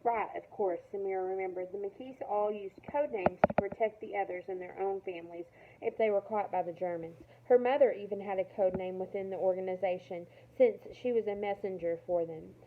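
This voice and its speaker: A woman's voice: mid-range voice, brisk, hardly any pauses, noisy background. Woman reading a novel aloud over a phone line. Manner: steady reading with brief asides. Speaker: reader. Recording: tinny phone-like sound.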